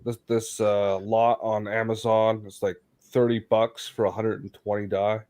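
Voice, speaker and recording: A man's voice: fairly low pitch, level tone, a little mellow. Stammering man in a casual chat. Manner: halting, stammers and restarts.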